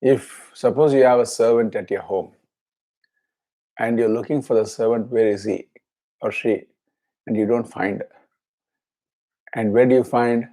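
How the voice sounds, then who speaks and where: A man teaching a scripture class, explaining each word slowly and chanting verses twice. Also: medium pitch, fairly even intonation, mellow.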